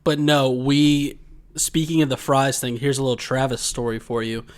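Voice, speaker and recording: A man's voice: medium pitch, level tone, moderate pace. A man co-hosting a casual podcast, telling long rambling stories and laughing often. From Georgia, USA. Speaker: podcast co-host. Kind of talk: casual chat.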